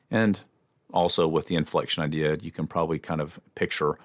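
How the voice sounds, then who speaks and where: A man hosting an instructional podcast, explaining in a measured way with small restarts. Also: deep voice, no echo, studio quality. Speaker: podcast host and communication trainer.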